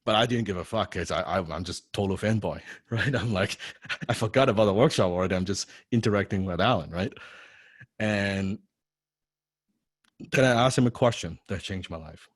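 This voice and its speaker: A man teaching a copywriting course, telling a personal story in an animated, profane way, often repeating words and tagging lines with "right?". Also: lowish voice, moderate pace, husky, dry recording, clean studio sound. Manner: frequent rhetorical "right?". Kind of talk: personal story told in a lecture.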